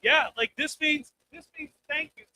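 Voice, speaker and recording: A man's voice: very high voice, a little slow, bright, forceful tone, a little hiss or hum, low-quality recording. A man doing a stand-up comedy set on a live stage mic, brash and crude, often checking in with the crowd. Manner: brash, crude punchlines, keeps checking in with "all right?".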